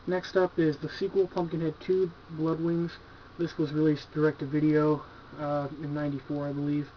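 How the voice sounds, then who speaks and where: A horror collector with a fairly high voice rambles through his shelf in a casual video review of his purchases, cheerfully cursing, relaxed and eager, with plenty of filler. His delivery is flat at a moderate pace. The sound is dull and lo-fi, like an old home video, with a faint hiss.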